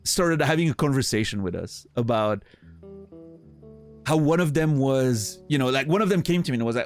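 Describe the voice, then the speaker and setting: A man's voice: medium pitch, big pitch swings, fairly quick, faint music behind. Rambling man chatting on stream. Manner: rambling, many restarts and fillers, laughs easily. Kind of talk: casual chat with viewers.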